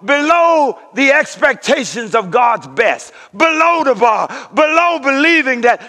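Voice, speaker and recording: A man preaching a sermon as pastor, using call-and-response and repeated refrains, swinging from shouted peaks to hushed near-whispers, in a church sanctuary. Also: very high-pitched, sing-song, a little slow. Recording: long hall reverb of a sanctuary.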